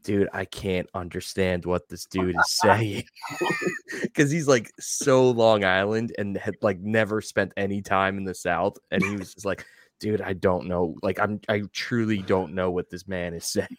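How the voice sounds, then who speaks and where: Low-voiced man, laid-back podcast host. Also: measured pace, dry recording, studio quality. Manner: laid-back storyteller with fillers. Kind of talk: casual podcast chat.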